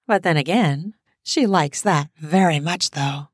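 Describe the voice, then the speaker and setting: A woman's voice: deep voice, unhurried, no echo, clean studio sound. Woman narrating an erotic story. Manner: steady, explicit storytelling. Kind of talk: erotic audio story reading.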